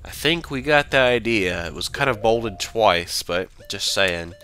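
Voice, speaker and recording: This let's play host, a man with a lowish, bright, forceful voice, casually comments on a video game he's playing. He sounds animated yet unhurried, rambling, cracking jokes, and correcting himself as he goes.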